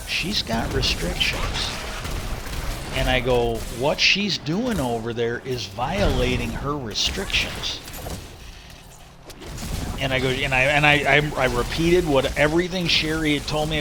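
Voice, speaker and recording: A man's voice: medium pitch, noisy background. Rambling man telling a work story. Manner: rambling, restarts, quotes himself with "I go". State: a little lightheaded. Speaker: livestream host. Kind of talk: casual storytelling. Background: music.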